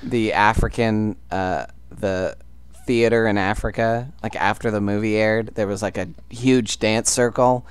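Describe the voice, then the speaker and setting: A young man co-hosting a casual podcast, laid-back, quick to laugh and swearing freely. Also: fairly low pitch, fairly even intonation, clean tone, dry recording. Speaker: podcast co-host. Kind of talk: casual chat.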